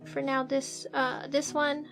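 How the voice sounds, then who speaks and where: A woman with a high voice chats with her stream audience while sketching at her desk. She talks at an unhurried pace, soft-spoken and hesitant, full of fillers and small giggles. Her voice comes through a desk microphone. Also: little pitch movement, creaky, soft background music. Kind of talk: casual live-stream chat.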